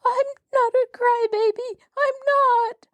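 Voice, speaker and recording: A woman voicing a small, spoiled girl who wails and sobs in a high, tearful voice. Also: steady tone, slow, a bit bright, dry recording, full character voice. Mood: wailing. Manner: wailing, sobbing, high and tearful.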